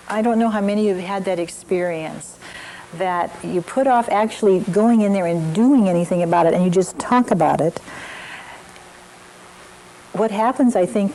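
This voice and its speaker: An older woman teaching a parenting class, gently telling stories from her own family with frequent restarts. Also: mid-range voice, slight background noise, poor audio.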